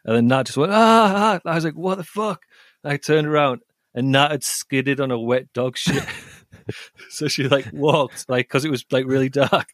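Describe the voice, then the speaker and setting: A young man telling a long, rambling travel story on a podcast, packing his sentences with "like" and breaking into laughs as he goes. His voice sits in an ordinary middle pitch, recorded dry and close. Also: fairly even intonation, moderate pace, no room sound. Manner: rambling, says 'like' a lot, laughs while telling stories. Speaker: podcast co-host. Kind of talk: casual chat, storytelling.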